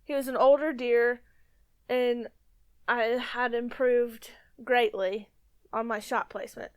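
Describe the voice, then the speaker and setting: A woman retelling her own hunting story on a podcast, with frequent laughs and an animated manner. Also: on the high side, slow, smooth. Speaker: podcast guest and cohost. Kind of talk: casual storytelling chat.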